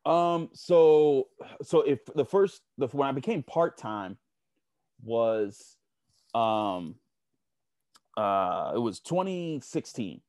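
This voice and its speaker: A man's voice: mid-range voice, very animated, slow, pauses often, a little mellow, no room sound. A man guest in a casual interview, telling stories at length with many restarts and fillers. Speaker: sports media guest.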